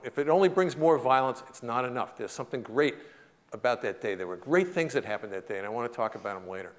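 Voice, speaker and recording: An American man giving a storytelling lecture in a hall, animated, laughing often and shouting out quoted lines. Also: medium pitch. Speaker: guest lecturer.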